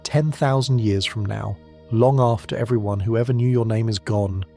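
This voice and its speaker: A man giving slow, measured, grave scripted documentary narration about science, in short deliberate phrases. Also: fairly low pitch, creaky, dark tone, soft background music.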